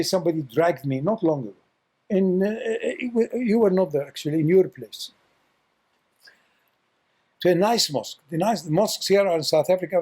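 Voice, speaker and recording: A man's voice: a little high, warm tone, breathy edge, low-quality recording. A man giving an informal spiritual talk as a Sufi teacher, telling stories with blunt, teasing remarks and repeating words for emphasis.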